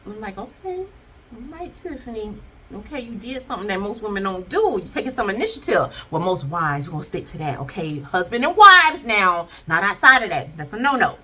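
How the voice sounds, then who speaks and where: Talking fairly quickly with few pauses, a woman with a medium-pitched, slightly rough voice reviews a TV episode in a casual, animated way. She playfully slips into asides, voicing the characters and acting out what she'd tell them.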